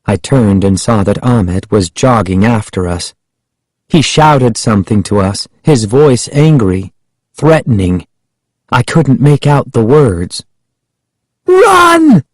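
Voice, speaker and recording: Unhurried male storybook narrator, dry sound. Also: on the low side, darkish tone, dry recording, low-quality recording. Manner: measured, unhurried first-person telling. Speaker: audiobook narrator.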